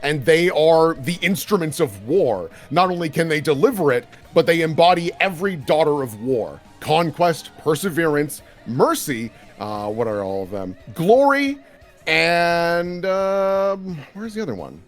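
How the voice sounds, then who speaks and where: A man narrating as game master of a tabletop game, lively and quick with laughing asides. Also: a little high, soft background music.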